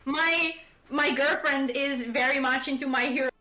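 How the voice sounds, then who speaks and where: A woman's voice: sits high, steady tone, moderate pace, sharp tone, echoey room. A woman hosting a casual lore chat, playful and laughing, slipping into mocking impressions of characters. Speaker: streamer host.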